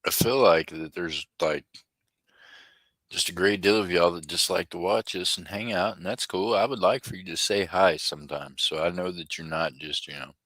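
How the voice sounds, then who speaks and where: Deep-voiced man hosting a livestream. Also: normal speed, a bit bright, dry recording. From United States. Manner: folksy, laid-back, chatty. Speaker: livestream auction host. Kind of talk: casual live-stream chat with viewers.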